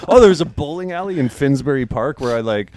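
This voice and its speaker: A man, a guest comedian, telling a rambling story on a podcast, laughing as he goes and trailing off quietly. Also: fairly high pitch, animated, quick pace. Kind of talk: casual storytelling.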